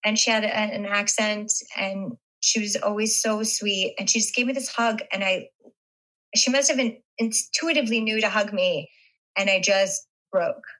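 A woman being interviewed, telling a personal story in a halting way with many fillers and restarts. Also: medium pitch, fairly bright tone, rough recording. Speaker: interview guest. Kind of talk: casual interview chat.

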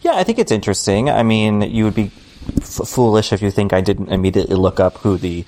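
A man's voice: lowish voice, a little fast, warm tone, a little hiss or hum. A man co-hosting a TV recap podcast, thoughtful and a little hesitant, with a dry sense of humor. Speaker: podcast co-host. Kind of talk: casual TV recap podcast chat.

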